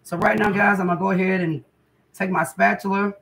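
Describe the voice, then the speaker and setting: A woman's voice: mid-range voice, steady tone, brisk, rough recording. A middle-aged woman, hosting a casual home cooking vlog in her kitchen and chatting homily with viewers. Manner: chatty, homey, addresses viewers as guys and y'all. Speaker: cooking channel host.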